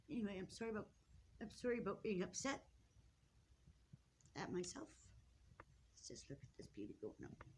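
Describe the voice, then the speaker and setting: A woman filming her pet finches indoors, talking casually and haltingly, upset and close to tears, often apologizing and restarting. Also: on the high side, slight background noise. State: tearful, upset. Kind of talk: casual off-the-cuff narration to camera. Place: indoors at home near a birdcage.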